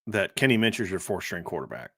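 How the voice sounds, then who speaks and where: A man hosting a casual sports podcast, talking quickly and acting out quotes with laughs. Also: low-pitched, breathy edge, no room sound, clean studio sound. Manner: animated, laughs and acts out quotes. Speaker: podcast host.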